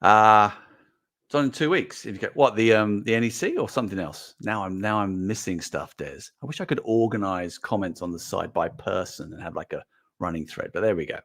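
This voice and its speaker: A middle-aged man hosts a casual livestream, chatting and reading out comments as an animated, rambling storyteller. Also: lowish voice, fairly quick. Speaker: host.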